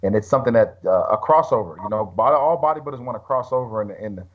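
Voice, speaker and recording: A middle-aged man, a retired bodybuilder, telling stories in an animated, slangy way and acting out quotes over a video call. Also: mid-range voice, fast. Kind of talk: casual storytelling chat. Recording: dull lo-fi call audio.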